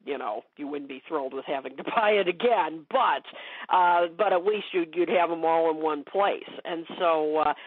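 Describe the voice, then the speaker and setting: A woman's voice: low-pitched, normal speed, husky, no echo. A woman speaking as a guest expert in a casual interview chat, talking with many fillers and restarts. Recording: dry phone-like call audio.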